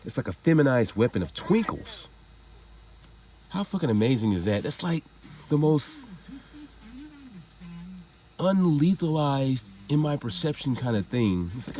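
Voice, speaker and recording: A man's voice: mid-range voice, a little mellow, slight background noise. A man talking in a casual monologue vlog, rambling and profane, laughing things off as he goes. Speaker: vlogger.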